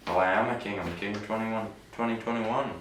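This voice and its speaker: A man's voice: on the low side, steady tone, fairly quick, fairly bright tone, lightly acted. A man playing a boastful, deposed self-proclaimed king with a mock French accent, rambling and self-important, recorded distant in a noisy, roomy space.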